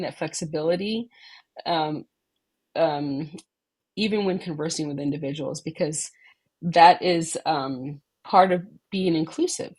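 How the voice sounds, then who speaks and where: A woman from Texas, a podcast guest, talking in a halting way with many pauses and restarts. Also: on the low side, a little mellow, slightly rough. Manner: halting, many ums and restarts, laughs often. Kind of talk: casual interview chat.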